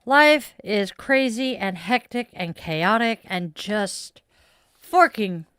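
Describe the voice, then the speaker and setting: A woman's voice: mid-range voice, expressive, slow, fairly bright tone, clear, resonant tone, no echo, studio quality. A woman chatting casually with viewers on a stream, rambling and self-deprecating with frequent sighs. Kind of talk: casual live-stream chat.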